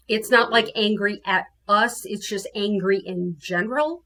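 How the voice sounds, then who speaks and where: A woman from New Orleans, a guest telling her ghost story in casual, animated talk. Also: medium pitch, unhurried, few pauses. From New Orleans, USA. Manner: animated, acts out her own quotes.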